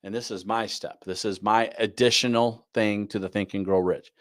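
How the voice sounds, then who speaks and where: A man's voice: on the low side, fairly even intonation, moderate pace, dry recording, clean studio sound. A man teaching a live online class on goal planning, repeating his key points and often asking "right?". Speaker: business coach.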